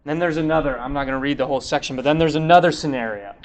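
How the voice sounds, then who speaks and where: A young man delivers a sermon with a slightly higher voice than most men. He retells the scripture story in a relaxed, chatty way, acting out the quotes as he goes. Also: rapid-fire, few pauses. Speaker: preacher.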